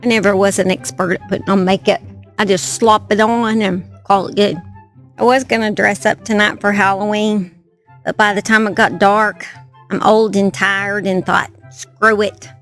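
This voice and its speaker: By a campfire outdoors at night, a woman with a Southern US accent hosts a true crime channel, telling a story to camera in a chatty, self-deprecating, casual way. Her voice is medium-pitched and fairly bright, with fairly even intonation and a moderate pace, and faint music plays behind her.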